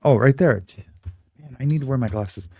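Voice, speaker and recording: A man's voice: medium pitch, normal speed, gravelly, heavy background noise. Rambling middle-aged man telling a story. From California. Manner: rambling, conversational, many fillers. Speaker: host. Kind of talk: casual commentary and storytelling.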